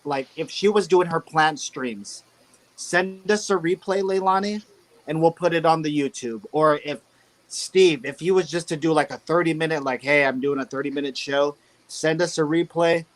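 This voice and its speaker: A man's voice: fairly high pitch, normal speed. A man co-hosting a casual chat over a video call, rambling and joking. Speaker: co-host.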